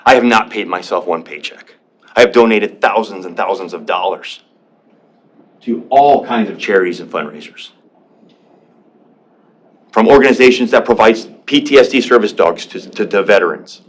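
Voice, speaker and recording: A man's voice: on the low side, moderate pace, pauses often. A man speaking in public comment at a county board meeting, emotional and defensive, often repeating himself and restarting. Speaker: public commenter, veteran and business owner.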